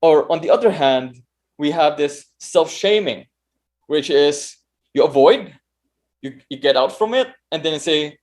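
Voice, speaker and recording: Filipino man, meetup speaker, slightly high voice, conversational, restarts phrases. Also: lively intonation, a little slow, a little mellow. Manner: conversational, many restarts and tag "right?". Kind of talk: talk to an online meetup.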